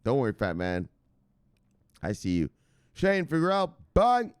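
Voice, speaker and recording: Man, crypto show host, casual shout-outs, very animated pitch, smooth clear voice. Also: normal speed, dry recording, studio quality. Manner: loud hype catchphrases, swearing, laughing.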